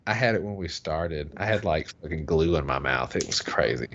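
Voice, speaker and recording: A man's voice: animated, a little fast. A man co-hosting a podcast, joking around and swearing freely in casual chat. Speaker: podcast co-host. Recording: dull lo-fi recording with faint rumble.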